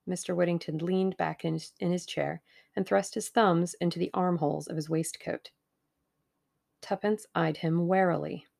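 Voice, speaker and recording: Narrating a novel for an audiobook, a woman keeps a measured storytelling manner. Her voice sits on the low side, with vocal fry, a darkish tone, and fairly even intonation.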